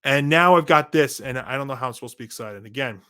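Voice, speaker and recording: A man co-hosting a sports podcast, ranting in a casual, animated way with frequent restarts, his voice going hoarse. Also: mid-range voice, quick pace. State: losing his voice. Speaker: podcast co-host.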